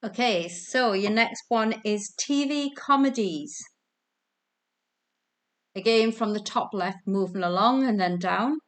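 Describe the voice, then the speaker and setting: A woman's voice: mid-range voice, slow. A woman hosting a casual online quiz over a video call from home, chatty, giggly and self-deprecating. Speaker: quiz host.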